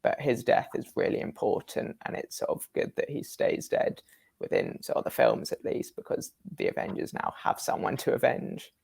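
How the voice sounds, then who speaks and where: A man co-hosting a casual film podcast, speaking in a measured way and hedging his points. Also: medium pitch, wildly swooping pitch, vocal fry, darkish tone, slightly rough, dry recording. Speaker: podcast co-host.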